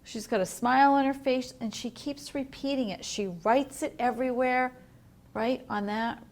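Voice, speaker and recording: A woman teacher reading a picture book aloud to young children. She is gentle, explains words and asks questions. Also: high-pitched, steady tone, moderate pace. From United States.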